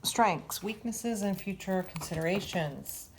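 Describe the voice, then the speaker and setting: Over loud background noise and poor audio, a tarot reader chats her way through a casual reading at a measured pace. Her voice sits at medium pitch, and she thinks aloud with plenty of fillers, a bit breathless.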